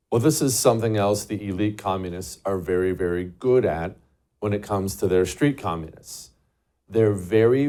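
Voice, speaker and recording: A man's voice: lowish voice, a little mellow. A man hosting a talk show, delivering an emphatic, scornful political monologue and repeating words for stress.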